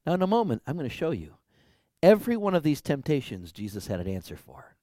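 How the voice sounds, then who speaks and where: A male preacher giving a sermon, lively and conversational with his congregation. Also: fairly high pitch, quick pace, dry recording, studio quality.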